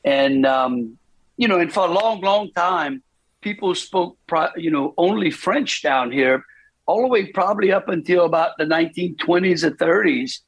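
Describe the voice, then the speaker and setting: A man from South Louisiana with a Cajun accent, talking as a phone-in guest in a halting way full of repeated words. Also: on the high side, breathy edge, poor audio. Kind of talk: casual phone conversation.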